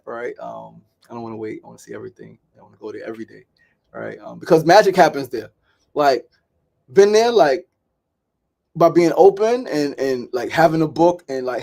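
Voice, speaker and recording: A man hosting a show, telling a story in a casual, animated way and acting out other people's voices. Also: mid-range voice, vocal fry. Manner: animated, repeats "right?" and "like", acts out quoted voices. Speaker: podcast host.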